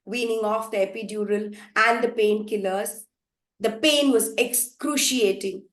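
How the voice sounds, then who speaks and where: A woman's voice: fairly high pitch, measured pace. Dramatic woman storyteller. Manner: dramatic, swinging between loud outbursts and hushed lines. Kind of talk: live storytelling performance. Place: festival storytelling venue. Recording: echoey room, live performance.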